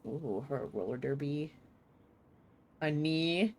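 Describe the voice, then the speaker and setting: A woman's voice: deep voice, takes it slowly, slight background noise. A woman streaming a story game live, reacting casually with frequent swearing and laughter. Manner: expressive, swears often, laughs readily. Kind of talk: casual live gameplay commentary.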